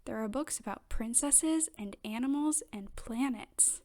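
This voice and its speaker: A woman reading a storybook aloud, voicing a cheerful, excitable little girl piglet in an exclaiming storybook voice. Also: fairly high pitch, measured pace. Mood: eager.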